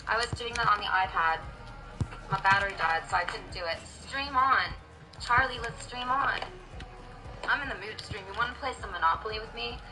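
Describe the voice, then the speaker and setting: A woman's voice: medium pitch, fairly quick, music in the background, rough recording. A woman streamer talking straight to her viewers in a theatrical, rambling rant. She jumps from one thought to the next, with big dramatic swings in how she says things. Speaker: livestreamer.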